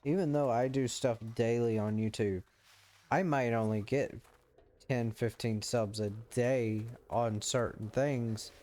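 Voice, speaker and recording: A man with a mellow, warm voice at a middle pitch talks over an online call while gaming. He fires back dry, joking comebacks with an easy calm, and a faint hiss sits under the line. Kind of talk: casual gaming chat.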